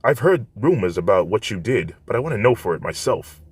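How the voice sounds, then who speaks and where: A man's voice: fairly low pitch, big pitch swings, brisk, breathy edge, dry recording, exaggerated voice. A man voicing a stiff, formal teenage boy who scolds and lectures. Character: stiff, rule-bound teenage boy class rep.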